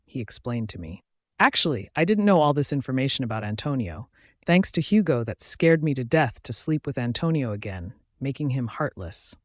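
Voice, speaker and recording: Man, audiobook narrator, mid pitch, steady storytelling, dry close sound. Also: normal speed, no echo. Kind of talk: scripted first-person narration.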